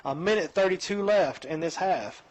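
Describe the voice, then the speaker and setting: A man calling high school football play-by-play in a folksy, chatty way. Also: moderate pace, poor audio. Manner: folksy, chatty, excitable on big plays. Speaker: play-by-play announcer.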